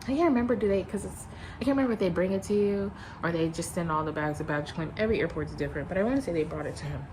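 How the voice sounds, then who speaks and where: Blunt, low-voiced woman telling a story. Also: rapid-fire, noisy background. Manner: animated, blunt, acts out both sides with laughs. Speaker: flight attendant. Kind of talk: casual storytelling vlog.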